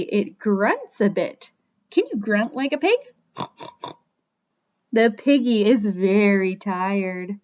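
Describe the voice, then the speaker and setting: A young woman, a children's librarian reading a bedtime story aloud, gently and playfully coaxing little listeners to join in. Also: mid-range voice, animated, slow pace, pauses often, highs cut off. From Canada.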